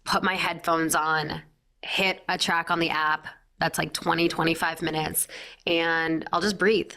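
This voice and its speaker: Brief: woman in her thirties, interview guest, fairly low voice, loose filler-heavy chat. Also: level tone, unhurried, vocal fry, bright, forceful tone. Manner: chatty, lots of "like" fillers. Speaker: guest, breathwork founder.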